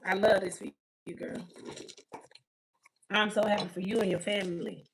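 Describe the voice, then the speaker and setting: A woman's voice: medium pitch, fairly even intonation, normal speed, slight background noise, poor audio. Emotional woman tarot reader on a livestream. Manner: emotional, repeats herself, addresses viewers as girl; spiritual, ends with a prayer. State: close to tears. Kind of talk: emotional live-stream chat.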